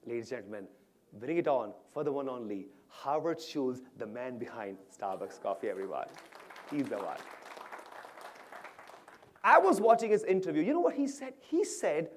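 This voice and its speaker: A man giving an energetic motivational speech to an audience at an awards event, often asking the crowd questions. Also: mid-range voice, moderate pace, pauses often, a little hiss or hum. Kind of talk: animated stage speech to an audience. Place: large event hall with live audience.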